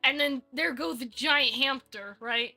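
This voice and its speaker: A woman's voice: sits high, measured pace, gravelly, bright, forceful tone, faint music behind. A woman live-streaming, rambling playfully and talking to herself while she works on a 3D model. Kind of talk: casual live-stream chat.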